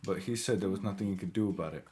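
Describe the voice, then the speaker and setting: A woman's voice: rumbling low, dark tone. A woman reading a worried mother's lines aloud, apologetic and complaining about her husband. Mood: fretful. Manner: complaining, apologetic, a little rushed. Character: worried, fretful mother of a schoolgirl.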